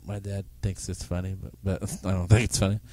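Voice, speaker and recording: A man on a podcast, casually telling childhood stories in an animated way. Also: sits low, a little fast, slight background noise. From United States. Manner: animated storyteller, mimics relatives with laughter. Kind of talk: casual chat.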